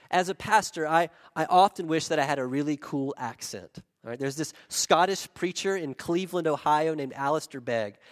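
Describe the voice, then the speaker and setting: A pastor with a South Carolina accent preaching a sermon, earnest and emphatic, with deliberate pauses and repeated phrases. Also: male voice, mid-range voice. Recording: long reverb of a large hall.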